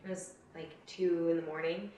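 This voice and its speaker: A young woman from Canada with a low voice recounts her own story in a loose, chatty way and slips into quoted dialogue. The recording sounds very echoey and picked up from a distance, with faint music underneath. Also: level tone, moderate pace, mellow, a little hiss or hum. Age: 20s. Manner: casual, conversational, many fillers and quoted dialogue. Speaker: interviewee. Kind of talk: personal story told to camera.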